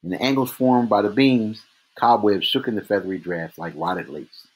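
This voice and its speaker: Low, husky man reading a novel. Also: normal speed. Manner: steady first-person narration. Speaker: reader.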